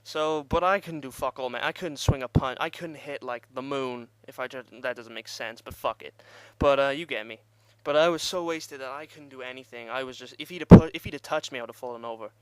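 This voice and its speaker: A man's voice: medium pitch, fairly quick, few pauses, a little mellow, a little hiss or hum. A young man telling a rambling, profane party story in casual vlog style and laughing at himself. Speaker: vlogger.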